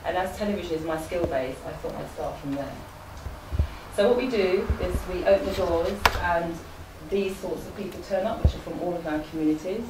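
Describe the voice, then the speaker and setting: A woman presenting her youth forum to an audience in a measured, hesitant way. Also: on the low side, far from the mic. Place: event hall with a live audience. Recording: echoey hall, speaker away from the mic, room noise.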